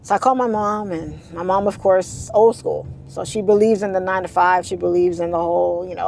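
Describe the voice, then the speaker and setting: A woman's voice: on the low side, fairly even intonation, fairly quick, gravelly, few pauses, darkish tone, slight background noise. A woman telling a candid story for her vlog, blunt and casual, swearing freely and repeating herself for emphasis.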